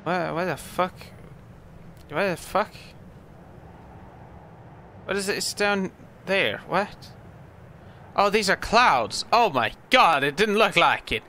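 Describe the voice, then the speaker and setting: A man's voice: high-pitched, expressive, slow pace, pauses often, bright, forceful tone, slight background noise. Rambling young man playing a game. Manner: rambling, stammering, swears freely. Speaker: gaming video host. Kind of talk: casual gameplay commentary.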